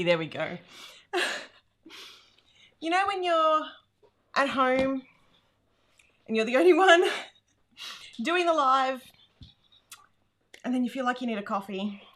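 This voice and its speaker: A woman's voice: high voice, sing-song, a little slow, pauses often, fairly bright tone. An Australian woman hosting a casual livestream from home, chatty and laughing often as she greets viewers by name. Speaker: livestream host. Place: home room.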